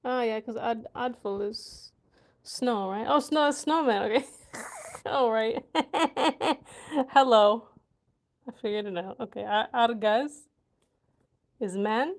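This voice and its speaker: High-voiced giggly woman sounding out words. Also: slow pace, long pauses. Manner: giggly, sounding out new words aloud, muttering to herself. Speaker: vlogger learning a language. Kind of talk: casual learning vlog.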